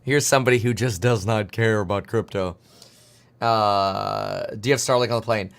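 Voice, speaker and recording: Man in his 30s, casual livestream host; quick, rambling, jokey delivery while working charts. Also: fairly low pitch, vocal fry, clear, resonant tone. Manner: fast, rambling, jokey, talks to himself while clicking charts. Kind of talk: casual market commentary livestream.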